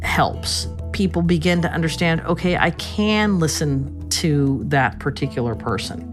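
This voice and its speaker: A woman speaking slowly and thoughtfully in an interview. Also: low voice, faint music behind. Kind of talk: interview talk.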